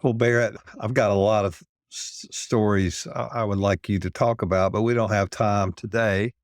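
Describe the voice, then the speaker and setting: A man hosting a podcast, asking questions in an easygoing, relaxed way. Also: on the low side, moderate pace, dry recording, studio quality. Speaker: podcast host. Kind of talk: casual interview.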